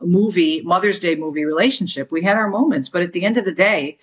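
A woman's voice: fairly low pitch, fast, breathy edge. A woman author being interviewed on a talk show, speaking earnestly and telling stories. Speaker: guest author.

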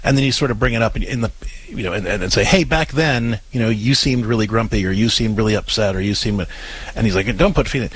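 A man's voice: fairly low pitch, slightly rough, low-quality recording. A man co-hosting an advice show, talking earnestly with frequent restarts and stumbles. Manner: earnest, halting with many restarts. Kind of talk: casual advice talk.

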